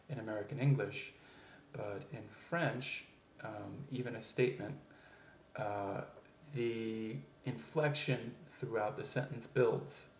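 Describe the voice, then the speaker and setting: A man teaching pronunciation as an accent coach, explaining step by step with many "um" pauses and spoken demonstrations. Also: fairly low pitch, slight background noise. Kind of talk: instructional video lesson. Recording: echoey room, faint ambience.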